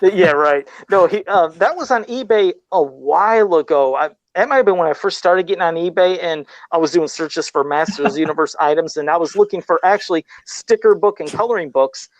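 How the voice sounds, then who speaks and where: A podcast host reading out listener comments in a casual, hesitant way, with lots of fillers. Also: male voice, sits high, a little fast, hardly any pauses, dry recording. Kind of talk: casual chat. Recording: dull dry lo-fi mic.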